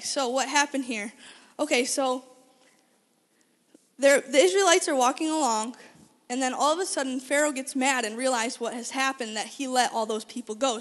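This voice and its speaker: A Bible teacher with a high-pitched voice leads a casual lesson, retelling stories with lively energy. She often stumbles and restarts phrases and asks her listeners questions, and her voice carries a long reverb like a big hall.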